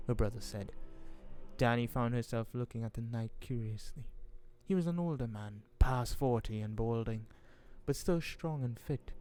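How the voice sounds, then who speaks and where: Relaxed man reading a novel aloud. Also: mid-range voice, moderate pace, smooth. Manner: relaxed, stumbles over words and jokes about them. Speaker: audiobook reader. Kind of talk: casual audiobook reading with asides.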